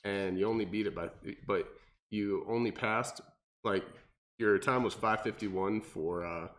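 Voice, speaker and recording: A man's voice: lowish voice, unhurried, a bit bright. A man who works as a personal trainer, asking his client prompting questions in a casual podcast chat. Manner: coaching, asks prompting questions.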